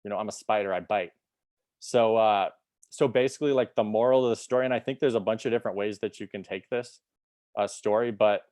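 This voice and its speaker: Man, casual sales training talk, rambling, lowish voice, dry sound. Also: darkish tone, no room sound. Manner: rambling, many fillers and restarts. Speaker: sales team presenter.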